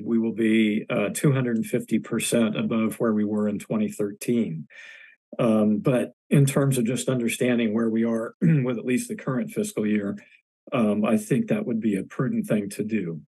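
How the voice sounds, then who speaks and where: A man with a scratchy, hoarse voice asking halting questions at a public meeting, full of fillers and restarts. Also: fairly low pitch, a little mellow, no echo. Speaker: board member asking questions.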